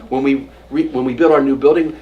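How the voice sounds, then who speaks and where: A man's voice: mid-range voice, steady tone, a little fast, lo-fi sound. A man teaching an adult class as rabbi, telling stories and jokes and acting out quotes, sometimes dropping to a whisper. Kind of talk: informal adult education lecture. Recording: distant mic with audible room noise.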